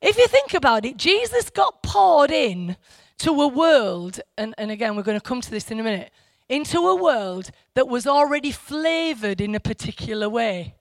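Chatty high-voiced woman teaching Bible study. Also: very animated, normal speed, no echo, studio quality. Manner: chatty, digressive, emphatic on key points. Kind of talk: informal Bible study talk.

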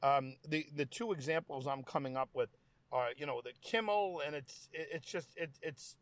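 A man's voice: a little high, normal speed, no echo. A man hosting a political chat who thinks aloud and reads out headlines as he goes. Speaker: host.

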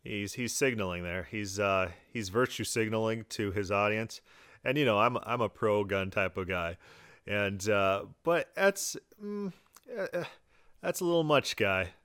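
A man hosts his podcast in a quick, sarcastic run of commentary, mocking the clips he plays. His voice is smooth and clear, a little low for a man. The sound is dry and close. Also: expressive, fairly bright tone, dry recording. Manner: sarcastic, fast-talking, mocking. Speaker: podcast host. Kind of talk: argumentative commentary.

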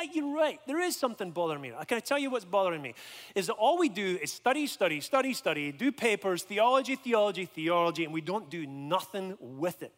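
High-voiced man preaching in a hall. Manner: animated, acts out voices in his story. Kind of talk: storytelling sermon. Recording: long hall reverb.

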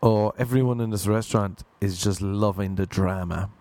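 A man voicing a rude, combative young woman on a date, taunting and abrasive, with a low voice. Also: fairly even intonation, normal speed, a little mellow, no echo, close to an everyday voice. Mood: smug.

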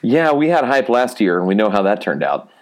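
A man hosting a casual podcast, upbeat and rambling in quick bursts. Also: lowish voice, big pitch swings. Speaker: podcast host.

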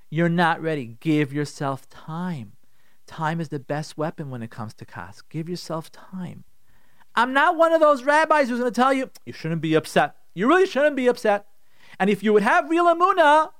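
A man's voice: high voice, very animated, moderate pace, a bit bright, dry recording, studio quality. A middle-aged man, a rabbi hosting a radio show, giving emphatic, repetitive advice and acting out the complaints he quotes. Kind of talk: animated radio advice talk.

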